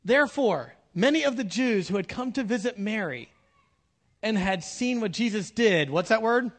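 A man preaching a conversational sermon with humorous asides, swinging between loud bursts and hushed moments. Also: sits high, lively intonation, moderate pace. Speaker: pastor.

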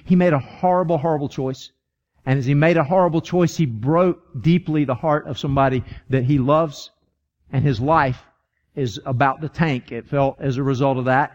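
Earnest man preaching a sermon, dull sound. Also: fairly high pitch. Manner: earnest, emphatic, voicing God and David in quotes, often trailing soft. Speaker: pastor.

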